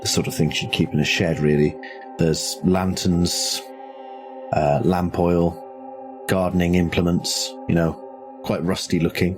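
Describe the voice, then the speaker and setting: Running a tabletop horror game as game master, a man narrates in a measured, descriptive style with small hesitations. His voice is deep and level in tone, heard over music.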